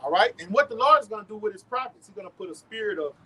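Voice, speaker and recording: A man with a Southern US accent preaching outdoors on a street, forceful and emphatic, often repeating his words. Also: sits high, lively intonation, racing, crowd noise, poor audio.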